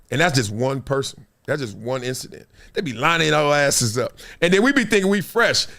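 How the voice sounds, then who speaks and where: A man in his fifties hosts a podcast in a high, fairly bright voice. He tells slangy stories with animation, acting out the voices in them and laughing often.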